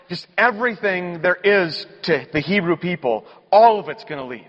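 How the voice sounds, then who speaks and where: A man preaching a sermon, emphatic and building to loud, rising exclamations. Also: sits high, animated, moderate pace, hardly any pauses. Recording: dull, hall-like reverb.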